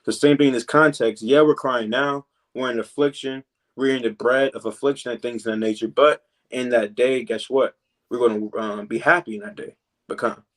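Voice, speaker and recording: Man preaching in a casual, drawn-out way. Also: medium pitch, fairly even intonation. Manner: casual preaching, repeated "man" and "you know" fillers; reads verses slowly and deliberately. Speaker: scripture teacher. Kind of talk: conversational scripture teaching.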